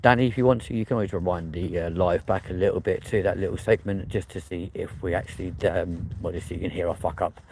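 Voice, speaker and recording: Walking outdoors at night, this young English live-stream host keeps up a chatty, self-deprecating patter full of swearing, barely pausing as he talks quickly. His voice sits low and steady with a darkish tone. The phone he films with is held at arm's length, and a faint hiss or hum comes through.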